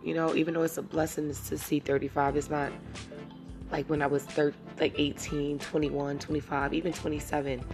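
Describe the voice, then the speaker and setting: A woman's voice: deep voice, little pitch movement, normal speed, over music. A woman in her thirties hosting a casual solo podcast, talking candidly and rambling, sometimes teary and emotional. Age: 30s. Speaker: podcast host.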